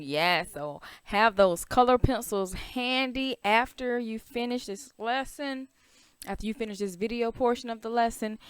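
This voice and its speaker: A woman's voice: fairly high pitch, a bit bright, clean tone, no room sound, studio quality. A woman teaching a children's phonics lesson, stretching out vowel sounds and asking the class questions.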